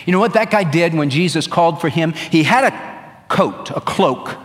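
Earnest male pastor, preaching with emphasis, somewhat high voice. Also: expressive, normal speed, in a large hall. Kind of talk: sermon.

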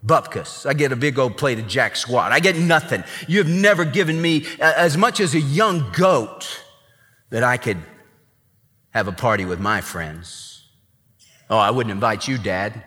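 A man's voice: mid-range voice, expressive, a little slow, bright, forceful tone, voice pushed down. A bitter older son sneers and grumbles at his father, voiced by a male preacher. The voice swings up and down with sarcasm and rings in a long hall reverb. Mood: resentful. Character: resentful, bitter grown son, disrespectful.

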